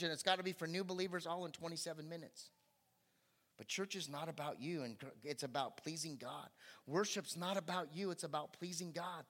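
A middle-aged pastor preaching a sermon in a conversational way, building to emphatic bursts. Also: male voice, a little high, fairly bright tone.

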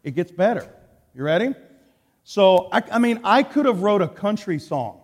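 A man with a Texan accent preaching a sermon, telling a personal story and acting out his own words, going from hushed to shouting. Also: high voice, normal speed. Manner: animated, acts out quotes, swings from hushed to shouting. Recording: long hall reverb.

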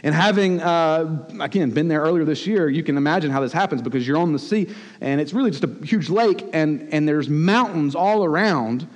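A man preaching a sermon as pastor, telling a story with animated, acted-out rebukes. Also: on the high side, normal speed. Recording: long hall reverb.

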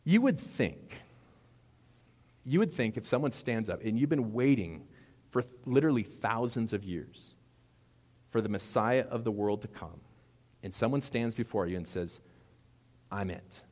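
A man's voice: mid-range voice, expressive, moderate pace, pauses often, a little mellow. A man preaching a sermon as a pastor, talking conversationally with playful asides. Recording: long hall reverb.

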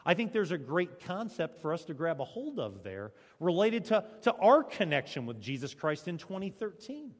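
A male pastor preaching a sermon, swinging between loud, emphatic lines and hushed ones. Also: fairly high pitch, big pitch swings, normal speed, hardly any pauses. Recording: long church reverb.

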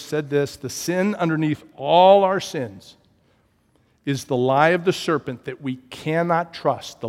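A man preaching a sermon as pastor, telling stories and swinging from loud emphasis to hushed, low tones. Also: big-room sound.

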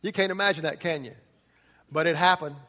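Male pastor, high voice, emphatic sermon delivery, long hall echo. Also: fairly quick. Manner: emphatic preaching, swings from loud urgency to quiet intensity.

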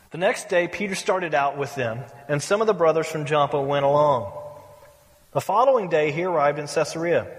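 A man's voice sits high for his sex as he preaches in a church hall, where a long echo trails behind his words. He is a middle-aged pastor who tells stories with playful humor. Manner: storytelling, acts out quotes with playful humor. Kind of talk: sermon. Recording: reverberant hall.

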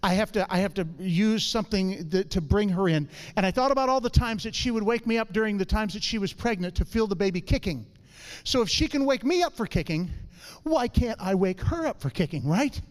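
Man, middle-aged, very high pitch, smooth clear tone, church testimony, animated, calls to the audience. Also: brisk. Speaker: church speaker. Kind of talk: humorous testimony to a congregation.

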